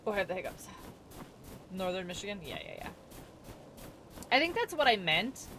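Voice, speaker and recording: A woman's voice: mid-range voice, very animated, normal speed, noisy background. A woman streaming a video game, chatting casually and reacting aloud as she answers her chat. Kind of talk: casual gameplay commentary.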